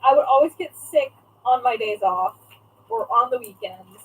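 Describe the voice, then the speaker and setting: Chatty higher-voiced young woman streaming. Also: a little hiss or hum, low-quality recording. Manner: chatty, reads viewer comments aloud, swears casually. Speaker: craft shop owner streaming live. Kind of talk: casual live-stream chat.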